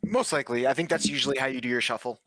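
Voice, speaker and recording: Bright, lively man chatting and laughing. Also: mid-range voice, racing, no echo. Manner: laid-back, laughs often, brief wry replies. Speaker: podcast co-host. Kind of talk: casual chat.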